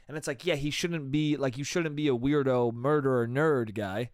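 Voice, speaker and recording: Man, solo podcast monologue, rambling, swearing, says dude a lot, fairly high voice, smooth and dry. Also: lively intonation, normal speed, few pauses, dry recording. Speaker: podcast host.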